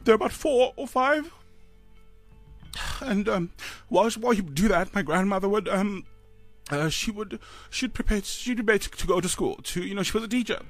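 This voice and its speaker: High-voiced South African man, choked up. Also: lively intonation, no room sound, soft background music. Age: 30s. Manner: halting, sighing, close to tears. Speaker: radio co-host. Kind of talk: emotional radio chat.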